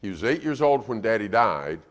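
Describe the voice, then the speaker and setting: A man preaching a sermon in a church, animated and acting out scenes between a parent and child. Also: fairly low pitch, moderate pace. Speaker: guest preacher. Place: church auditorium. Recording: long church hall reverb.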